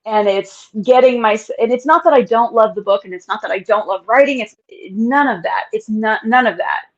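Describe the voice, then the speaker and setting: A woman's voice: a little high, normal speed. A woman author in a casual interview, talking candidly and often laughing. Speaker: author guest. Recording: dull lo-fi sound.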